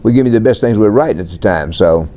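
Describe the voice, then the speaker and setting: A man's voice: fairly low pitch, expressive, fast talker, mellow. A man, telling his career stories in a laid-back, plainspoken way during an interview. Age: 80s. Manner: laid-back, plainspoken, lists things matter-of-factly. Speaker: country singer being interviewed. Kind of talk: relaxed storytelling interview.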